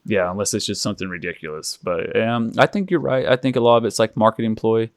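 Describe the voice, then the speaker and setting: A man from the United States hosts a relaxed interview, his voice low and his talk rambling, full of restarts and laughs. The sound is dry and close, with no room around it. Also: fast talker, no echo. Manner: rambling, self-correcting, laughs often. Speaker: podcast host. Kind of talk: casual conversational interview.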